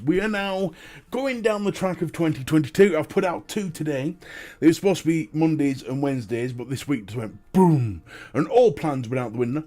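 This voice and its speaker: Animated Northern English man chatting live. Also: a little high. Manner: chatty, animated, laughs often. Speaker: live-stream host and vape reviewer. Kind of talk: casual live-stream chat, greeting chat viewers.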